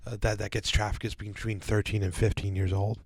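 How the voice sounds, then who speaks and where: A man's voice: on the low side, little pitch movement, fairly quick, dry recording. Rambling man co-hosting a podcast. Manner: rambling, lots of fillers and restarts; casual, calls listeners "guys" and "dude". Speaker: podcast co-host. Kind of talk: casual podcast discussion.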